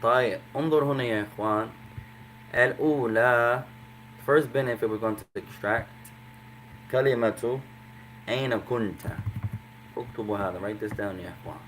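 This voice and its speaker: A male Arabic teacher leading a class, switching between Arabic and English and repeating new words slowly for his students to copy. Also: medium pitch, fairly bright tone, slight background noise, poor audio. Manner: drills new words by slow repetition; mixes Arabic and English, addresses students as brothers. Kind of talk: language class instruction.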